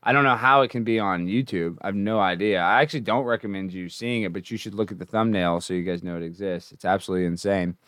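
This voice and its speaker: A man hosting a comedic livestream, brash and boastful, jumping between loud shouting and low mumbling. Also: fast talker, hardly any pauses, no echo, clean studio sound. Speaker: livestream host.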